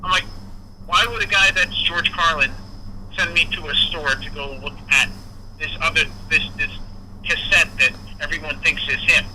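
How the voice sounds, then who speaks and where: A man telling a casual story with a fairly high voice. He acts out every quoted line with lively changes in his delivery. His voice comes through a noisy, hissing phone line. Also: normal speed. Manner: animated, acts out quoted dialogue. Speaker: guest musician.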